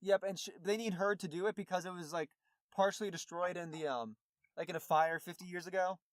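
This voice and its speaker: A man's voice: high-pitched, brisk, no echo, studio quality. A man co-hosting a podcast, recapping a movie in a rambling, casual way with many fillers and restarts. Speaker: podcast co-host.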